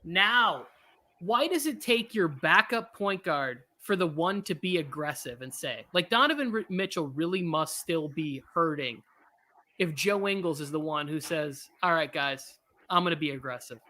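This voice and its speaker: A man's voice: a little high, lively intonation, a little slow, pushed and bright. A man co-hosting a basketball watch party, talking casually with rambling asides and self-mocking jokes. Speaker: co-host of a sports watch party. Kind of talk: casual live game commentary.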